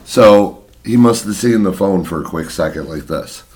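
Guy cohost, real low voice, jokey and swearing, telling a story. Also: normal speed, a little mellow, slightly rough. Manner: joking, profane storytelling. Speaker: podcast co-host. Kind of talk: casual chat.

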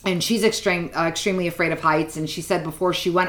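A woman in her twenties chatting casually, excitable and quick to burst into loud exclamations. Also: fairly low pitch. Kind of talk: casual chat. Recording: roomy echo.

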